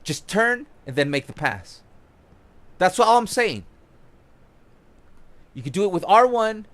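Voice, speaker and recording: A young man with a fairly high voice talks through a football video game tutorial as he plays. He is casual and excited, pointing out moves on screen and swearing now and then. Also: measured pace. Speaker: gaming YouTuber. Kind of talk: casual gameplay tutorial commentary.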